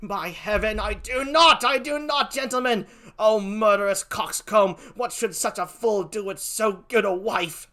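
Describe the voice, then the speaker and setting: Loyal outspoken woman in a stage tragedy, bright and piercing, played by an older man. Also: unhurried, few pauses, full character voice. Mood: accusing. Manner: high, cries out in outrage. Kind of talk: one-man Shakespeare reading.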